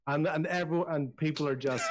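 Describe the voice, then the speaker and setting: A man's voice: a little high, brisk. A man playing a tabletop game, chatting in a rambling, laughing way. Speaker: player. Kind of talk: casual chat.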